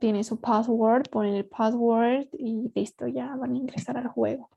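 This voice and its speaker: High-voiced teacher with a gravelly edge. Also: female voice, little pitch movement, moderate pace, dark tone, lo-fi sound. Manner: switches between English and Spanish, coaxing students with frequent "right?". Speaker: English teacher. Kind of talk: online class teaching.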